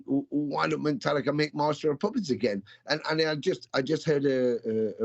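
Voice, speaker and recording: Rambling man in his fifties, muffled call. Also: medium pitch. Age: 50s. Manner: rambling, storytelling, frequent restarts. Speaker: musician guest. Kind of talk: casual interview chat. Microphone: video call. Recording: slightly dull video-call audio.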